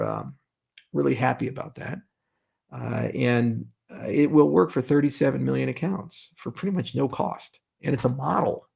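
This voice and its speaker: Joking, sarcastic man hosting a livestream Q&A, reads out questions. Voice very gravelly and husky. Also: medium pitch. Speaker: livestream host answering viewer questions. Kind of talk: casual livestream Q&A.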